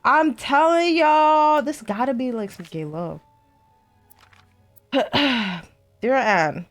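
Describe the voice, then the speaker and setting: Low-voiced woman reading game letters. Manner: chatty, excitable outbursts between steady reading. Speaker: let's play streamer. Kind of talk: gameplay commentary, reading in-game letters aloud.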